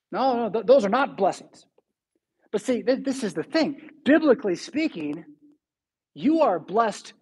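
A middle-aged male pastor delivers a sermon in a church with a slightly husky, breathy voice. He tells animated stories with sudden swings between loud and soft. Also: sits high. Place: church sanctuary.

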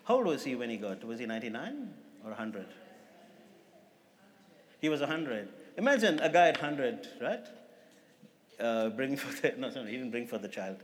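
A man's voice: mid-range voice, very animated, normal speed, pauses often. A man giving a sermon as guest preacher, talking casually with asides and self-corrections. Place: church hall. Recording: long reverb of a church hall.

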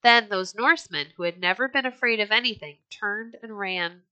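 A woman narrates a children's storybook in a measured, expressive read-aloud manner. Her voice is bright and clear, and the recording is close and dry with no room sound. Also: medium pitch, no room sound, highs cut off.

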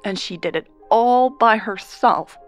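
A woman's voice: medium pitch, unhurried, faint music behind, voice pushed up, natural voice. A woman voicing a tipsy, blunt young woman who slurs and speaks sharply in defense of her best friend. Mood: sharp, protective. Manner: slurring, sharp and protective. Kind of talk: audiobook character voice.

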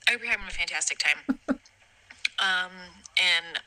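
A woman's voice: on the low side, moderate pace, pushed and bright, low-quality recording. A woman leaving a long, profane voice message, exasperated and laughing through her rant, recorded on a phone. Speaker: podcast guest. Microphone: phone voice memo.

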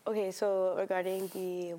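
A woman's voice: medium pitch, moderate pace, a little hiss or hum. Laughing young woman telling a story. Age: young adult. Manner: animated storytelling, laughs mid-sentence. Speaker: podcast co-host. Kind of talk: casual chat.

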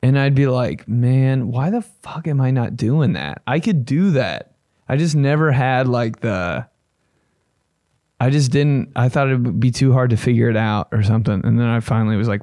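A young man hosting a podcast, chatting casually in a loose, profane, rambling way with bursts of excitement. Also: mid-range voice, moderate pace, no room sound, studio quality. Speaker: podcast host. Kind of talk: casual chat.

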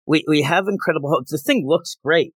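A man hosting a podcast, chatting casually about comic books and retelling scenes with quick voiced quotes. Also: on the high side, slightly rough, dry recording. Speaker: podcast host. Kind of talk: casual comic book review chat.

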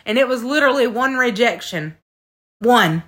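A woman's voice: on the high side, animated, moderate pace, fairly bright tone. A woman telling a personal story earnestly on a casual podcast, talking straight to her listeners. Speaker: podcast co-host.

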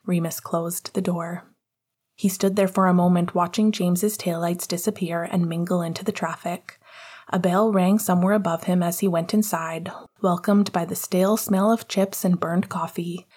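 A woman narrating an audiobook at a steady, measured pace. Her voice sits low and carries a husky, breathy texture. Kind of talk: scripted narration.

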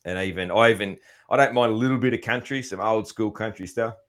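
A man hosting a podcast, chatting with his guest in an easygoing, halting way. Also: fairly low pitch, fairly bright tone. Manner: easygoing, friendly, halting with fillers. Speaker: podcast host. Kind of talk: casual interview chat.

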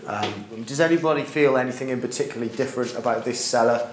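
A man's voice: medium pitch, fast talker, slight background noise. A man co-hosting a comic ghost hunt in an old pub at night, talking in a dry, mock-earnest, self-mocking way. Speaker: co-host. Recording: roomy echoey pub room.

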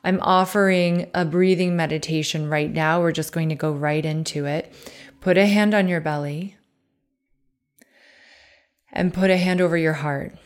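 A woman leads a guided breathing meditation in a soft, calm voice. She speaks very slowly and unhurriedly, dropping to a hush as she counts each breath. Her voice sits a little low for a woman. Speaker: podcast host and coach.

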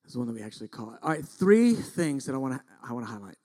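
A middle-aged male pastor preaching, telling a story with lively acted-out quotes. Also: mid-range voice, fast. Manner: animated storytelling, acts out quotes loudly. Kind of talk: sermon.

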